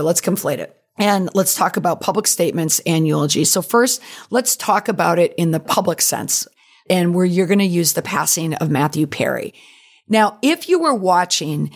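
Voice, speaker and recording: A middle-aged woman hosting a podcast, telling stories in a chatty, digressive way, her voice slightly creaky. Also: lowish voice. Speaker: podcast host and PR professional. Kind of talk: casual monologue.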